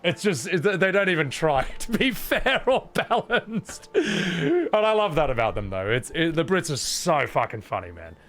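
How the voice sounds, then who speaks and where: A man's voice: a little high, big pitch swings, moderate pace, hardly any pauses, fairly bright tone. A man casually commenting while playing a video game, chatty and swearing freely, laughing often. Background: game music.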